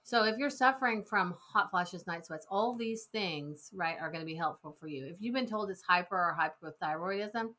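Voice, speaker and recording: A woman's voice: on the low side, moderate pace, few pauses, sharp tone. A woman co-hosting a casual health talk in an office, eagerly adding to her partner's points. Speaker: podcast co-host.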